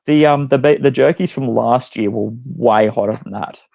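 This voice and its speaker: A man with an Australian accent, a chilli competitor giving relaxed, short answers in a casual interview. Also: mid-range voice, moderate pace, gravelly, lo-fi sound. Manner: laid-back, brief answers. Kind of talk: casual chat.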